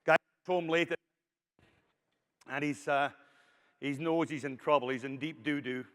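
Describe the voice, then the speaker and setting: A Scottish man delivers a conference keynote in a chatty, storytelling way, with a voice pitched a little high for a man. His words trail off into a long reverb that fills a big hall. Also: fairly even intonation, unhurried, fairly bright tone. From Scotland. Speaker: keynote speaker. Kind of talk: conference keynote with a told joke.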